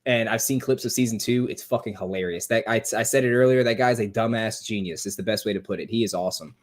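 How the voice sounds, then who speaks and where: A man's voice: lowish voice, fast. Young male podcast co-host, easygoing chat, laughs through his anecdotes. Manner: laughing storyteller retelling comedy clips. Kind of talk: casual chat.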